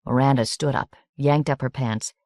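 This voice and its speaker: A woman narrating a novel as an audiobook in a steady, measured reading. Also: rumbling low, no room sound, studio quality.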